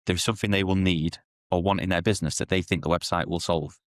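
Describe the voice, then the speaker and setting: Fast-talking low-voiced man. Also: no room sound, studio quality. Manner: animated, acts out sales dialogues in quotes. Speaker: podcast guest, sales founder. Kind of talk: podcast interview.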